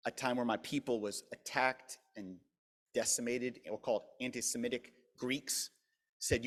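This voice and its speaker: Animated middle-aged rabbi in a reverberant hall. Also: male voice, medium pitch. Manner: animated, folksy storyteller. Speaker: rabbi, guest speaker. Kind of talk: storytelling speech to a civic club.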